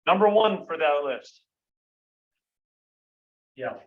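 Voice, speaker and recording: A man running a live workshop exercise, counting votes aloud and moving the group along briskly. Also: on the high side, expressive. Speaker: workshop facilitator. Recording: dull lo-fi room recording.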